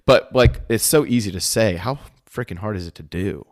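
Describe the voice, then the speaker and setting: A man co-hosting a podcast talks in a casual, animated and rambling way, full of fillers. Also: lowish voice, normal speed. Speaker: podcast co-host. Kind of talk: casual chat.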